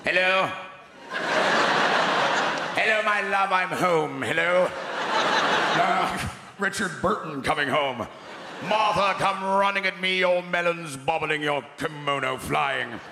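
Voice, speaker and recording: A man's voice: on the high side, slow, creaky, pauses often, heavy background noise. A man putting on a fake theatrical English accent as a drunk husband coming home, grand and pompous, on stage in a theatre. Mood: grandly drunk. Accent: put-on English. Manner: grandiose, theatrical, slurred bravado. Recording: echoey theatre with loud laughing crowd.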